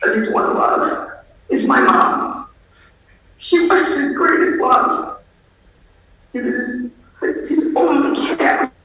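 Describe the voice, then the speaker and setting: Emotional woman giving a slow eulogy. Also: high-pitched, fairly bright tone. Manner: speaks directly to her late father. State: emotional, struggling to get through. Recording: echoey room, distant mic, faint noise.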